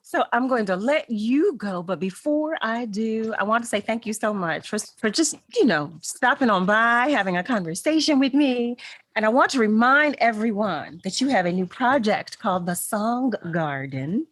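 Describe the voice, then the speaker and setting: A woman hosting a casual chat, telling an embarrassing story about herself with animated energy. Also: a little high, moderate pace, dry recording. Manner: animated, self-mocking storyteller. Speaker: host.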